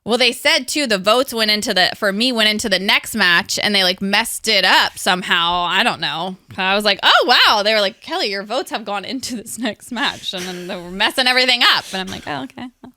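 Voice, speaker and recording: A woman in her thirties, an interview guest telling stories in a casual, animated way, full of "like" and acted-out quotes. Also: medium pitch, fairly quick, few pauses, no echo, clean studio sound. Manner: animated, acts out quotes, says "like" often. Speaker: interview guest, former pro wrestler. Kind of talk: casual storytelling.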